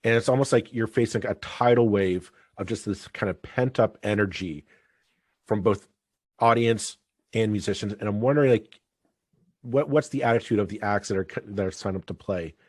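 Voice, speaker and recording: Rambling podcast host. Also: male voice, lowish voice, moderate pace, no echo, studio quality. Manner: rambling, restarting questions. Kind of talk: casual podcast interview.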